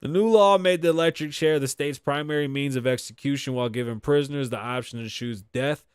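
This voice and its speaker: A man's voice: medium pitch, brisk, clear, resonant tone, dry recording, studio quality. A man from Boston hosting a casual solo commentary show, reading news aloud and riffing on it bluntly with lots of profanity. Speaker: show host.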